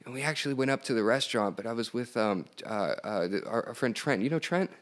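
A man guesting on a podcast, telling prank stories in a relaxed, rambling way and laughing often. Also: medium pitch, quick pace. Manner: laid-back, laughing, rambling storyteller. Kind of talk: casual chat.

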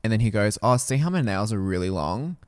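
A man's voice: fairly low pitch, fairly quick, no echo, clean studio sound. A young man in casual conversation, telling stories with lots of swearing and acted-out quotes. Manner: animated storyteller, swears often, acts out voices in quotes. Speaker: podcast co-host. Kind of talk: casual chat.

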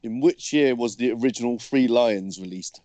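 A man's voice: medium pitch, moderate pace, dark tone, no echo. A laid-back man asks quiz questions on a casual football podcast and laughs along easily. His voice sits in a middle range, and the sound is close and dry. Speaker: quizmaster on podcast. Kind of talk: casual chat.

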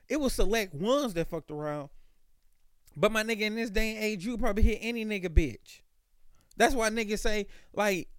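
A man's voice: high voice, big pitch swings, normal speed, dry recording, studio quality. A man hosting a podcast on his own, telling stories in a loose, profane, slangy way. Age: adult, calls himself an old dog. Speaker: podcast host. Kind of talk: casual solo podcast monologue.

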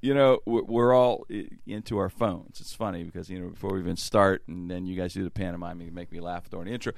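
A man's voice: deep voice, steady tone, fast talker, vocal fry, no room sound. A man hosting a casual podcast chat, reading funny text messages aloud and laughing at them. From Pittsburgh area. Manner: laughs while telling jokes, repeats words.

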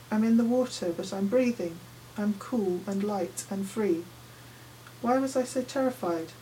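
A woman's voice: mid-range voice, a little mellow, far from the mic, a little hiss or hum, rough recording. A woman reading a novel aloud in the first person, with tense, vivid storytelling. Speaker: audiobook narrator. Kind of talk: first-person audiobook narration.

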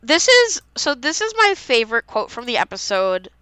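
A young woman co-hosting a casual fan podcast, excitedly reading out favorite quotes and swearing freely. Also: on the high side, normal speed, clean tone, no echo, poor audio. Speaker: podcast co-host.

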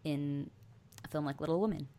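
Young adult woman, podcast host, casual chat, hedging fillers, lowish pitch. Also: a little fast, mellow. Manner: chatty, hedging with "like" and "um". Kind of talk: casual film discussion.

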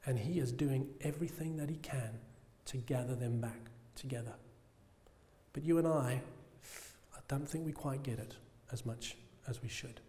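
A British man preaching a sermon with passion, asking rhetorical questions and drawing out key phrases slowly for emphasis. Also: medium pitch, dark tone, in a large hall.

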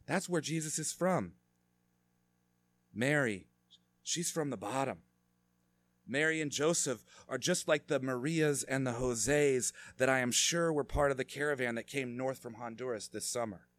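A man preaching a sermon, moving between quiet reflection and fervent, rising emphasis. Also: mid-range voice, unhurried, no echo. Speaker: pastor.

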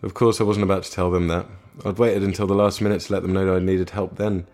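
A man's voice: deep voice, flat delivery, fast talker, a little mellow. A young man reading a first-person story in a dry, understated manner. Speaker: narrator. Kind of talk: scripted narration.

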